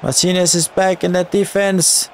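A young man giving live commentary over a football video game, shouting at the referee in frustrated outbursts. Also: high voice, level tone, moderate pace, a little hiss or hum. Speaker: gaming YouTuber.

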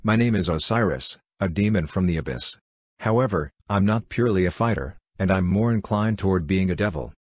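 A male audiobook reader voicing a cool, scheming male demon lord who speaks in a calm, measured, matter-of-fact way. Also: deep voice, no echo, studio quality. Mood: composed. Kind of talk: audiobook character reading.

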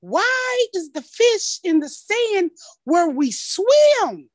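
A woman voicing a ten-year-old girl in a story, shrill and frantic, pleading with her grandmother. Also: sing-song, drawn-out words, dry recording, exaggerated voice. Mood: bewildered. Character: young girl of ten, panicked and squealing.

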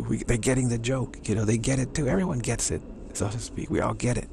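A man's voice: mid-range voice, a little fast, vocal fry, few pauses, a little mellow, slight background noise. A man giving a playful, rambling spiritual teaching, laughing often as he talks.

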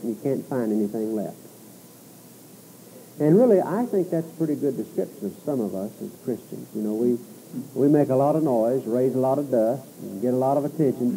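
A man's voice: mid-range voice, dark tone, slight background noise, rough recording. A man preaching an expository sermon, reading scripture with rising emphasis and turning to the listeners with conversational asides and rhetorical questions.

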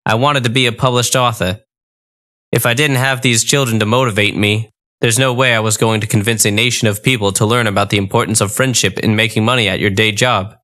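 Guy reading a goofy fairy tale audiobook, first person, breezy and deadpan, bright clear voice. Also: on the low side, brisk. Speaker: audiobook narrator. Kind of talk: first-person comic storybook narration.

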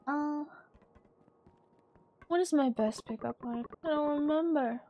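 A woman streaming a game, chatting casually and swearing at it in sudden loud bursts. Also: on the high side, a little slow, creaky, long pauses. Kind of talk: casual gaming commentary.

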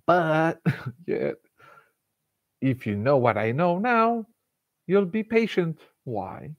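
A man's voice: on the high side, slow, dry recording. Man in his forties, earnest self-help talk. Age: 40s. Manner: animated and earnest, laughs often. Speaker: motivational speaker.

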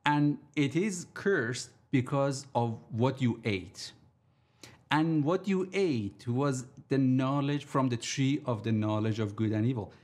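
Male preacher, unhurried teaching sermon, mid-pitched, repeats key lines for weight. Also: lively intonation, darkish tone. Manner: deliberate, repeats key points for emphasis. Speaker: Bible teacher.

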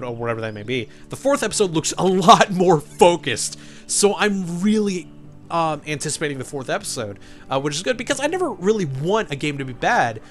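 A man recording game commentary, his pitch sitting a little high and swinging widely as he rants. He swears freely and sounds openly irritated. A casual let's-play commentary voice. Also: fairly bright tone.

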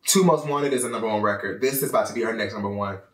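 A man hosting an album reaction, talking to viewers in an animated, exclaiming way over the music. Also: lowish voice, very fast. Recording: roomy, slightly distant mic with music.

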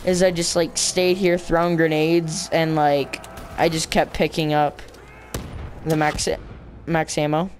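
A man's voice: on the high side, level tone, unhurried. A man gives loose, goofy commentary while he plays a video game, making gun sounds and jokes. Light noise sits under his voice. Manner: goofy, joking, sound effects. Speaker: gamer commentator. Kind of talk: casual gameplay commentary.

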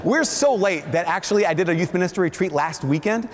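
A Catholic priest, a man, giving a lively storytelling sermon, animated and self-deprecating, often laughing, in a large church. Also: high voice, fast. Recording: long echoing church reverb.

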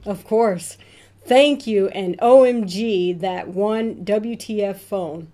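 Slow-paced woman reading texts aloud. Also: medium pitch. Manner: amused, expressive reading with exclamations. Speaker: reaction channel host. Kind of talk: reading funny text messages aloud and reacting.

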